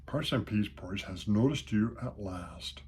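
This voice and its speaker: A man's voice: fairly low pitch, expressive, unhurried, darkish tone, breathy edge, full character voice. A man voicing an eager, encouraging male friend in a children's story. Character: cheerful male companion, bossy and admiring.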